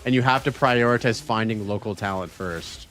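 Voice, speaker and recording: A man's voice: on the low side, normal speed, fairly bright tone. A man streaming a game, casually chatting with his viewers in a laid-back, rambling way. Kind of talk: casual gaming stream chat.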